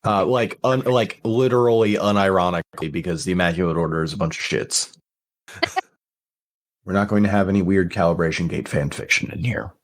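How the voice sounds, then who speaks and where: A man's voice: deep voice, fairly quick. A man as game master of a casual tabletop game, joking with his players and often cutting himself off mid-sentence. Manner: jokey, trails off and restarts.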